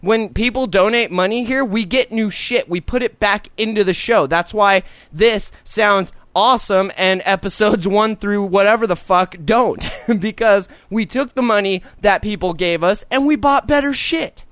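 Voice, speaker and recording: Man, young adult, high-pitched, crude angry ranting, dry recording. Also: moderate pace, few pauses, fairly bright tone, clean tone, dry recording. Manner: profane, exasperated ranting. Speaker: podcast host. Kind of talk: casual ranting podcast chat.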